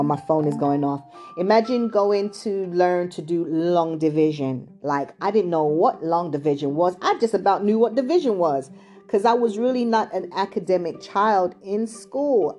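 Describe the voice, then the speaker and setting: A woman's voice: fairly low pitch, dark tone. A middle-aged British woman raised in England and Chicago, telling a casual, digressive childhood story full of "like" and "you know". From England, also raised in Chicago.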